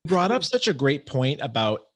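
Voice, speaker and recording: Man, podcast host, casual interview chat, rambling, frequent restarts, medium pitch. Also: very animated, normal speed.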